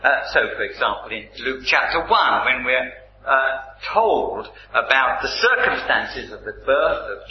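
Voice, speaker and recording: A man preaching at an unhurried pace, his pitch rising and falling widely as he stresses each point. He reads scripture aloud with deliberate weight. The recording is roomy and slightly dull, with faint noise behind. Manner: slow, deliberate and emphatic, reading scripture aloud. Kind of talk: sermon.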